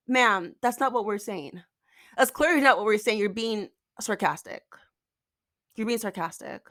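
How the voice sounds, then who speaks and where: A woman's voice: mid-range voice, moderate pace, fairly bright tone. A woman telling a storytime vlog, exasperated, acting out the dialogue as she retells it. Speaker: vlogger.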